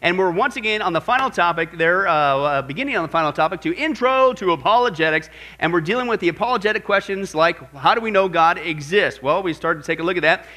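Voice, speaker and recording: A middle-aged man teaching a church class on apologetics, animated and often asking the audience questions. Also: high-pitched, fast. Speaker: Bible teacher.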